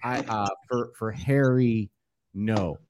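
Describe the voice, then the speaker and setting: A man's voice: lowish voice, steady tone, slow, a little mellow, no room sound. A man co-hosting a comedy podcast, trading dry, sardonic quips in casual banter. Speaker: podcast co-host.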